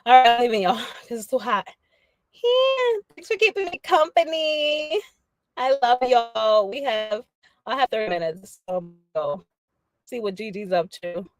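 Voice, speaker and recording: A woman chatting casually on a livestream, animated and slangy, laughing often as she talks to her viewers. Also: medium pitch, moderate pace, no room sound. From Dominican family background. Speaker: livestream host.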